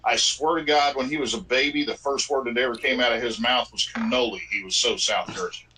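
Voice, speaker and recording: A man's voice: mid-range voice, fairly even intonation, fairly quick, pushed and bright, slight background noise, poor audio. A man from Arkansas with a Southern accent, chatting casually with a folksy, wisecracking manner. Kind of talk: casual chat.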